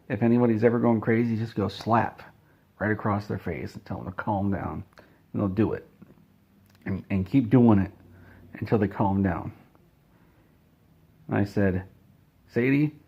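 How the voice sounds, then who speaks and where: Low, husky man telling a deadpan tale. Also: dull audio. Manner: deadpan, rambling with self-corrections. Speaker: comedic storyteller. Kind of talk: absurd comedic story told straight-faced.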